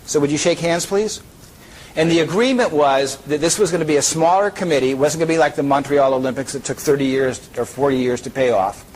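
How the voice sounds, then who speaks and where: A man whose voice is on the high side speaks a little fast in a low-quality recording of his conference keynote. Full of energy and humor, he draws audience members on stage to play out a story.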